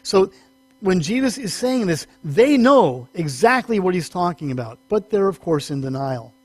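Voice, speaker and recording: A pastor with a somewhat high, sing-song, slightly breathy voice teaches scripture from the pulpit at a moderate pace, talking conversationally and correcting himself. His pitch climbs when he stresses a point. The recording is dry and close with no echo, and a faint mains hum sits underneath.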